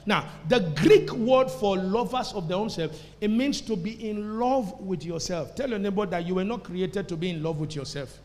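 A man preaching in a high, ringing voice, pressing his points and calling on the congregation to answer back. His sermon rolls out through a church hall with a long, echoing tail. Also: lively intonation, normal speed, hardly any pauses, darkish tone, a little hiss or hum. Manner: emphatic preaching, call-and-response with the congregation. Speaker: pastor. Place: church service before a congregation.

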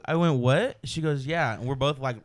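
Podcast host, male, smooth clear tone, animated storyteller who does the voices in his anecdotes. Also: mid-range voice, a little fast. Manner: animated storyteller, acts out quoted lines. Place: home room.

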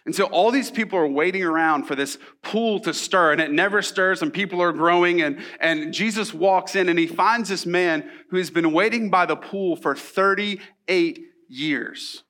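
Young man, slightly high voice, conversational sermon, animated storyteller. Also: normal speed, few pauses. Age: young adult. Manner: conversational, animated storytelling with asides and rhetorical questions. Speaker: pastor.

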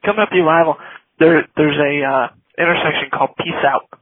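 Brief: male caller, high voice, animated storyteller, phone-line audio with light hiss. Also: quick pace. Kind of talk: casual chat.

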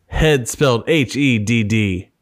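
A man co-hosting a casual chat podcast, swearing freely and joking around. His voice sits at an ordinary pitch. It is recorded close and dry, with little room sound. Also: slow pace, no room sound. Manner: profane, joking banter. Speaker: podcast co-host.

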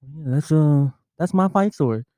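Dude on a podcast mic telling a bar fight story, laughy, swears a lot, kinda high voice, dry sound. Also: male voice, moderate pace, dark tone, no room sound. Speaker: podcast co-host. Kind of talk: casual chat, storytelling. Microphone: close studio microphone.

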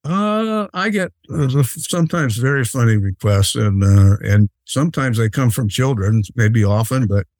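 An actor playing a jolly, patient old Santa Claus, telling unhurried, fatherly anecdotes with many fillers in an interview. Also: mid-range voice, animated, darkish tone, no echo, close to an everyday voice. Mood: gentle. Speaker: interview guest. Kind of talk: in-character storytelling interview.

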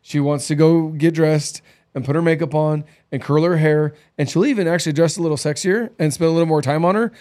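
A man in his thirties talks in an easy, candid podcast chat, on the higher side for a man. He rolls through stories with lively swings in his voice and acts out quoted lines along the way. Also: fairly quick. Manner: candid, animated storytelling with acted quotes. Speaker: podcast co-host. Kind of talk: casual chat.

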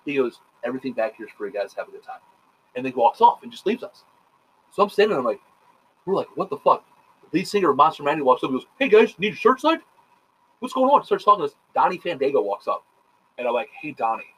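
Man, podcast host, casual chat, rapid-fire storytelling, profane, mid pitch. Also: very animated, bright, forceful tone, slightly rough, low-quality recording. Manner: rapid, profane storytelling full of quoted dialogue.

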